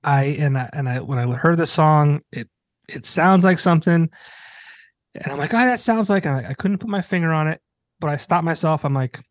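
A man's voice: a little high, moderate pace, no echo. A man hosting a podcast, encouraging his guest and often restarting his sentences. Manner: hesitant, many restarts, encouraging. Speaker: podcast host. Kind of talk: casual podcast interview.

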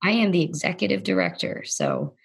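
This woman, a guest on a podcast interview, has a lowish, creaky, husky voice that swings wildly in pitch at a fairly quick clip. She tells her story casually and ramblingly, leaning heavily on "like" and voicing other people's lines as quotes.

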